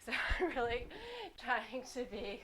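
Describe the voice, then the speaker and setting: A woman's voice: on the high side, fairly even intonation, measured pace, sharp tone, slight background noise, low-quality recording. A woman leading a cardio boxing workout, counting reps aloud in an upbeat, chatty way and getting slightly winded. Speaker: fitness instructor.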